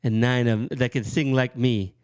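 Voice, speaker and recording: A swaggering rock singer who brags in a lazy, slangy drawl, as a man puts him on. The lines land a bit slower and louder than normal talk, stretched out for effect. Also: mid-range voice, fairly even intonation, smooth, natural voice. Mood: cocky.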